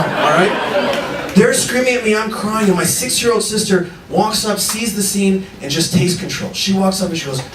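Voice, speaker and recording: Energetic male stand-up comedian. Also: on the high side, fairly quick. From Indian and American. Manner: energetic, animated storytelling with punchlines. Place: large live venue with audience. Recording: echoey live venue, mic heard from far off, audience noise.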